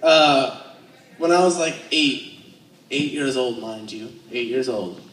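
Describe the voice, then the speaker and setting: At his first stand-up gig, a young Alaskan comedian from the United States delivers crude jokes while nervously putting himself down. His medium-pitched voice is a bit bright and unhurried. There's slight background noise, and the echoey room leaves him sounding far off.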